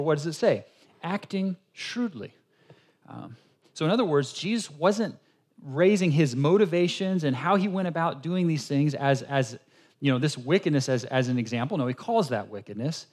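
Husky-voiced man preaching a sermon. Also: medium pitch. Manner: animated storytelling, acting out quoted dialogue. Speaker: pastor.

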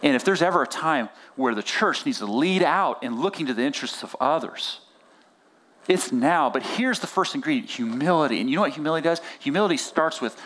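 A man preaching a sermon as pastor, conversational and animated, often acting out quoted dialogue. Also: on the high side, fairly quick.

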